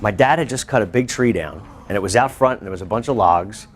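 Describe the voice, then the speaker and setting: A male teacher telling a lively personal story to his students, breaking into shouts and laughter. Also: on the low side, quick pace, a little hiss or hum. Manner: animated, bursts into shouts and laughs while telling. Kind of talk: storytelling to a class.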